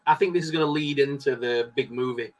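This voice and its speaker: A man co-hosting a casual live stream, talking excitedly and laughing often. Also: medium pitch, fast, crowd noise. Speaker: co-host.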